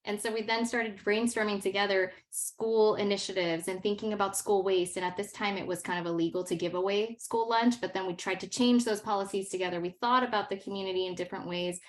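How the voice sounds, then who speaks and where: A woman's voice: mid-range voice, fairly even intonation, fast, few pauses. A woman in her thirties, a teacher giving a workshop presentation, telling stories animatedly with frequent laughs and many ums. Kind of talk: presentation talk.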